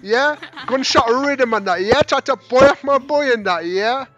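A cocky young street tough full of slang and mock threats, put on by a northern English man. The voice sits high and bright, with light music playing faintly behind. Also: lively intonation, moderate pace, lo-fi sound. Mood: boastful. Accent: Northern English putting on London slang. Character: swaggering young male London street tough.

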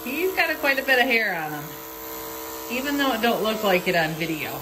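A woman's voice: on the high side, sing-song, brisk, background noise. Chatty woman vlogging while grooming her dog. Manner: chatty, talks to her dogs in a sing-song baby voice. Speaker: pet vlogger. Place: home grooming area indoors. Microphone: handheld phone camera.

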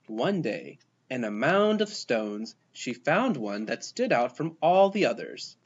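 A man reading a children's storybook aloud, his pitch bouncing high and low as he goes. The voice is a little husky, and the home recording sounds dull and lo-fi. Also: slow pace. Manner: lively, expressive reading with voiced characters. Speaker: storybook reader. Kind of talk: children's picture book read-aloud.

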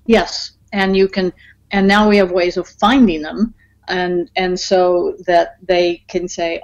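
A woman's voice: on the low side, steady tone, slow pace, muffled recording. A woman guest screenwriter talking casually in a podcast interview, chatty, with many fillers and easy laughs. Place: in Los Angeles.

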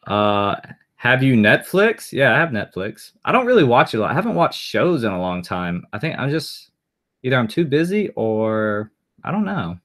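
A man's voice: mid-range voice, big pitch swings, moderate pace, fairly bright tone. A man chatting casually on a live stream, rambling and answering viewer comments aloud as he goes.

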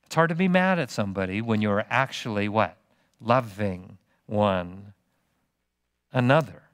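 A middle-aged man preaching a sermon as pastor, animated and teasing the congregation with questions. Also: fairly high pitch, clean tone, no room sound, clean studio sound.

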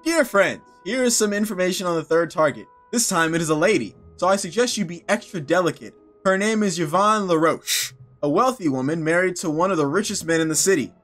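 A man reading out the letter of a cold, menacing gentleman in a video game, in a measured, even delivery. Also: high-pitched, soft background music. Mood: ominous.

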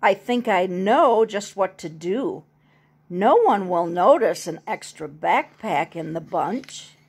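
A woman's voice: medium pitch, slow pace, husky, heavily acted. Woman doing an eager storybook turkey. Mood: determined. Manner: excited, gobbles loudly. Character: eager young male farm turkey.

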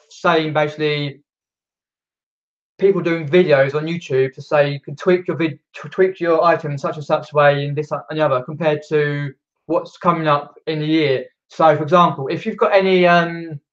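A man's voice: fairly high pitch, steady tone, moderate pace. Rambling British man, muffled live stream. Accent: British English. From Britain. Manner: rambling, many fillers and restarts. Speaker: reseller streamer reading viewer chat. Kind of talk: casual live-stream chat. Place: indoors at home, downstairs. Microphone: camera mic.

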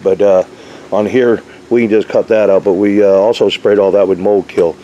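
Brief: working roofer, mellow, folksy, chatty, faint hiss behind. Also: male voice, fairly low pitch, flat delivery, moderate pace, highs cut off. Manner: folksy, rambling, lots of fillers. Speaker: RV roof installer. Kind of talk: casual job-site walkthrough.

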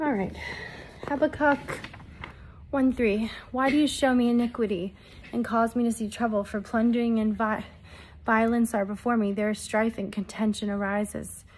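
This self-styled prophetic messenger, a woman with a slightly high voice and fairly even intonation, speaks at normal speed over slight background noise. She relays prophetic messages and reads scripture verses in short, solemn, earnest first-person proclamations.

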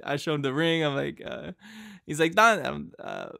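A man's voice: a little high, fairly even intonation, normal speed, creaky, fairly bright tone, dry recording, studio quality. A young man from Boston, hosting a podcast and telling a travel story in a loose, rambling way, full of fillers and laughs. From Boston, United States. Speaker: podcast host.

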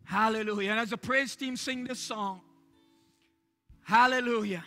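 Pastor guy preaching sunday, really high bright voice, lots of uh's between phrases. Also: steady tone, moderate pace, faint music behind. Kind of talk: church sermon. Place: church sanctuary during service.

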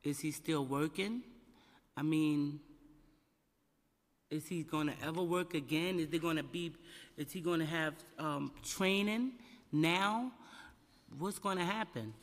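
A woman testifying at a council hearing about her son, emotional and close to tears, halting and repeating her questions. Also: sits low. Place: large council chamber. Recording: long echo of a large hall.

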